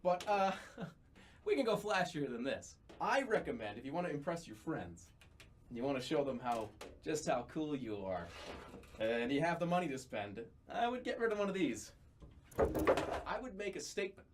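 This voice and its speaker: A man delivering a salesy pitch, leaning hard on key words. His raised voice moves lively up and down over a noisy background. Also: moderate pace. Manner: salesy and emphatic. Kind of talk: sales-pitch style recommendation.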